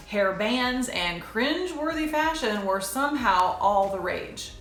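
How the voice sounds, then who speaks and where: A woman's voice: on the high side, animated, a little slow, fairly bright tone. A woman in her forties tells a personal story in a chatty vlog, talking directly to her viewers. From United States. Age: 40s. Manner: conversational, addresses viewers as "you guys". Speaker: vlogger. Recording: roomy echo with faint backing music.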